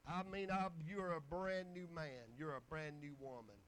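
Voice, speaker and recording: A man's voice: a little high, fairly even intonation, moderate pace, fairly bright tone, slight background noise, rough recording. A middle-aged man, preaching a folksy, rambling testimony full of scripture. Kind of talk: sermon.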